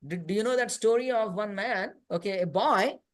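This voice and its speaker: A man's voice: high voice, normal speed. A man teaching a youth scripture class in a conversational storytelling manner, often adding "you know" and "right?". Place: temple hall.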